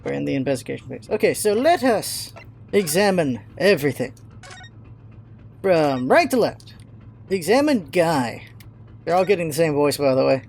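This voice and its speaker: A woman's voice: low voice, very animated, moderate pace, vocal fry, a little mellow, a little hiss or hum. A young woman hosting a video game playthrough, chatting casually with self-mocking asides. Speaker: let's-play host.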